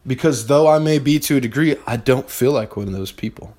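A man's voice: medium pitch, a little fast, a little mellow. Blunt, profane young man ranting. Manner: blunt, profane and fired-up, addressing listeners directly. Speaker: podcast host. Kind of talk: motivational monologue.

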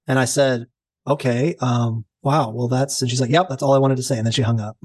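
A man co-hosting a podcast in casual chat, an animated storyteller who swears freely. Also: medium pitch, normal speed, husky, dry recording. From Texas. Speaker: podcast co-host.

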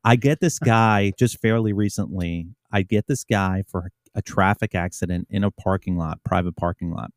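Low-voiced man telling a cop story. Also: normal speed, few pauses, no room sound, clean studio sound. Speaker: police officer podcast host. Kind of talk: casual storytelling.

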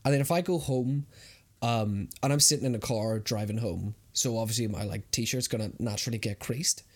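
A man co-hosting a casual podcast, telling animated stories and swearing a lot. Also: mid-range voice, moderate pace. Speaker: podcast co-host and streamer.

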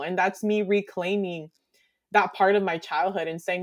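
A woman's voice: on the low side, fairly even intonation, moderate pace. A woman guest on a podcast, talking in a reflective, earnest way with lots of fillers. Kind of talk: casual conversational interview.

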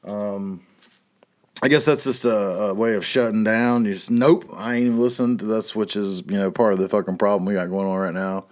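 A man's voice: on the low side, fairly even intonation, normal speed. Profane rambling man. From North Carolina, USA. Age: middle-aged. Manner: profane, rambling, laughs at his own jokes. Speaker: podcast host. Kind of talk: casual monologue.

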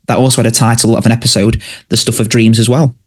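A man's voice: mid-range voice, little pitch movement, fast talker, a little mellow. A man co-hosting a casual podcast, recapping scenes and speaking to listeners and his co-host.

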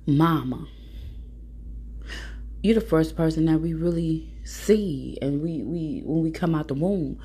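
Give me a low-voiced woman speaking straight to camera in a casual monologue. Her tone is husky and breathy, and her manner is blunt, profane and preachy as she tells stories and gives advice to mothers. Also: takes it slowly, pauses often, dark tone.

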